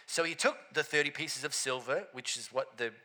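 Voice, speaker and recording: A man preaching a sermon, telling a story with animated asides and repeated catchphrases. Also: mid-range voice, moderate pace. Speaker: pastor.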